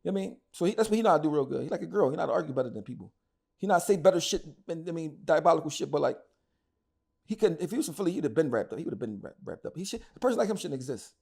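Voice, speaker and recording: A man's voice: fairly high pitch, lively intonation, racing, gravelly, darkish tone. A middle-aged man, talking as an interview guest, angry and emphatic, repeating himself and cursing a lot. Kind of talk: heated casual interview talk.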